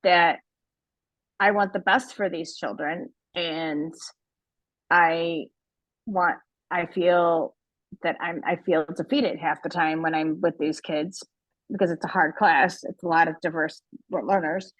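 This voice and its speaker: Lower-voiced woman, halting and hesitant. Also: steady tone, no echo, poor audio. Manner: halting, repeats words as she searches for them. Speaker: teacher sharing in a group call. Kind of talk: personal sharing in a group call.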